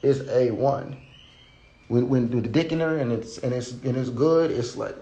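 Male streamer, blunt and profane, mid-pitched, rambling off the cuff in an echoey room. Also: measured pace, warm tone. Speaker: livestream host. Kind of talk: casual unscripted livestream rant. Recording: roomy echo.

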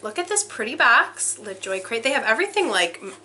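Gushing woman with a bright voice. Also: a little high, very animated, brisk, a little hiss or hum. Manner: gushing, breathless gasps and whispered awe. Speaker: unboxing vlogger. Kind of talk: casual unboxing chat.

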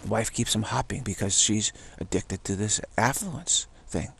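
Gravelly low-voiced man musing on faith. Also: moderate pace, slight background noise. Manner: rambling, repeats himself, chuckles. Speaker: spiritual teacher. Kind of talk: casual spiritual monologue. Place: at home, self-taped.

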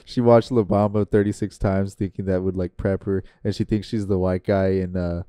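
Low smooth man riffing jokes. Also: moderate pace, no room sound, studio quality. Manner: riffs with playful deadpan jokes. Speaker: podcast co-host. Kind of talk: casual comedy chat.

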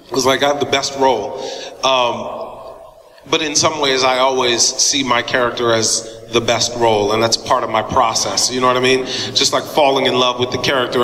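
Bright-voiced man, echoey hall. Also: medium pitch. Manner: chatty storyteller who laughs often. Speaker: actor interviewed. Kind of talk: animated anecdote telling. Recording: echoey hall with faint noise.

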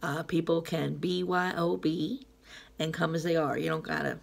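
A woman from Gloucester, Massachusetts, with a Gloucester accent, giving her opinions in a casual vlog. Her voice sits very low with a gravelly edge. She rambles and laughs between her phrases. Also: lively intonation, moderate pace. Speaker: vlogger.

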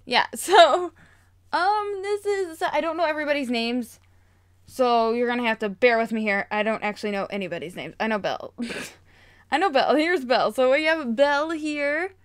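A young woman chatting casually as she unboxes toys, bubbly and excitable, gushing and gasping often. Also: high-pitched, moderate pace, clean tone, no echo, studio quality. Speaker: toy unboxing vlogger.

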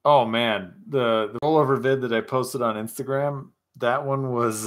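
Tipsy dude rambling on a livestream, swears a lot, tells stories. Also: male voice, medium pitch, measured pace, few pauses, a bit bright. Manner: rambling, profane, laughing storyteller. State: tipsy from drinking scotch. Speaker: livestream host. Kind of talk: casual livestream chat.

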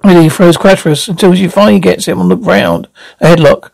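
A man's voice: sits high, big pitch swings, fairly quick, vocal fry, darkish tone, no echo, rough recording. A man reading stage directions aloud in a plain way, with slips and restarts. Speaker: reader.

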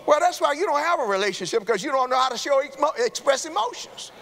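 High, bright-voiced preacher in a reverberant church. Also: male voice, lively intonation, quick pace. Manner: call-and-response preaching, rising to shouts. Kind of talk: sermon. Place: church sanctuary. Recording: long hall reverb in a church.

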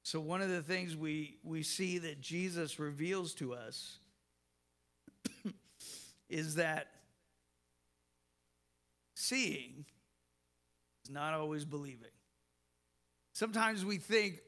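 A man preaching a sermon as pastor, slow and emphatic, with soft laughs and repeated words. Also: on the high side.

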